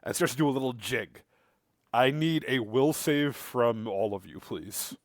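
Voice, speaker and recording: A man narrating as game master of a tabletop role-playing game in a lively, animated way. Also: mid-range voice, measured pace, no echo, clean studio sound.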